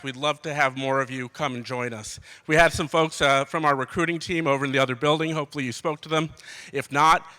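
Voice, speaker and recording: A man's voice: on the high side, steady tone, fast, bright, forceful tone. A man giving a sponsor speech to a crowd, a little out of breath and upbeat. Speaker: corporate sponsor speaker.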